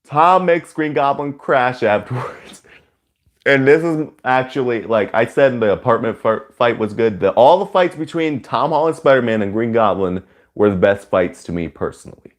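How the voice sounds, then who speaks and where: At a moderate pace, a man rambles through a casual spoken movie review, leaning heavily on "like" and "you know." Whenever he gets excited, he bursts into loud, high-pitched cheers.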